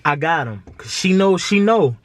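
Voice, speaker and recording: There's no room sound on this clip of a man whose voice is a little high and expressive, at normal speed. A Baltimore vlogger in his 20s, he delivers a casual, sincere monologue to camera, preachy and full of slang, saying the same things more than once.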